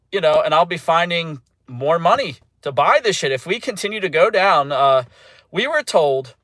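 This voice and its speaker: A man's voice: fairly high pitch, fairly bright tone, no echo. A man hosting a crypto channel, ranting in mock panic, then earnestly calling the drop a buying chance. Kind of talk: sarcastic rant to camera.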